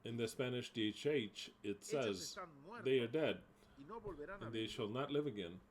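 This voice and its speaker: Male preacher, mid-pitched, reads verses then explains them with emphasis. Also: unhurried, a crowd in the background, poor audio. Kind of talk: sermon teaching.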